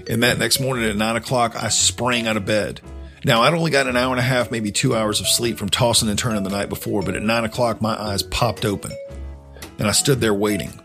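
A young man telling a personal story on his podcast in a casual, profane, animated way. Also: fairly low pitch. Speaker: podcast host.

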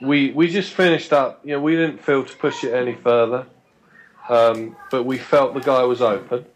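A man recounts a long story as a podcast guest, talking in a chatty, stop-start way. He often restarts his words and briefly acts out the voices of the people he quotes. His voice sits at an ordinary middle pitch. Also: steady tone, moderate pace, slight background noise, low-quality recording. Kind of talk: anecdotal storytelling.

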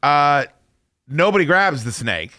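Animated, bright-voiced male show host. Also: on the high side, measured pace, no echo, clean studio sound. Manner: animated, profane, wry. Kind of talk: casual storytelling chat.

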